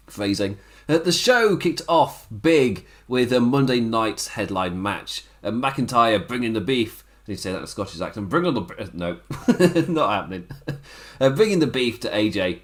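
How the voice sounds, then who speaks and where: A man, hosting a podcast and giving a casual, rambling wrestling recap, laughing often. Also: on the low side. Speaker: podcast host.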